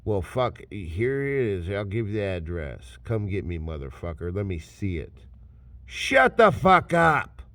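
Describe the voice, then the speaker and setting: A man ranting to camera, swearing constantly and swinging between mocking shouts and low mutters. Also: moderate pace, hardly any pauses, no room sound. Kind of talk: profane rant to camera.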